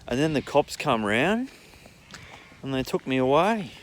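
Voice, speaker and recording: A man's voice: medium pitch, sing-song, unhurried, slight background noise. A young man with an Australian accent telling rambling, profane anecdotes in a blunt, casual way. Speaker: storyteller.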